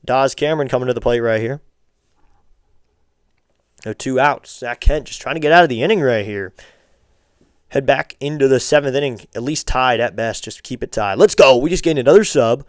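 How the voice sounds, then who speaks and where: Smooth-voiced man calling a baseball stream. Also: mid-range voice, moderate pace, long pauses, no room sound, clean studio sound. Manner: casual, chatty, asking viewers for likes and subs. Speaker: streamer doing play-by-play. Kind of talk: live-stream baseball play-by-play commentary.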